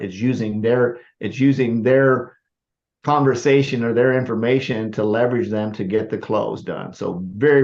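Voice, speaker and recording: A sales coach reviews calls for his team on a group call. He is encouraging and acts out voice tones as examples. His voice sits a bit low, and the call audio is dull and lo-fi. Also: a little mellow.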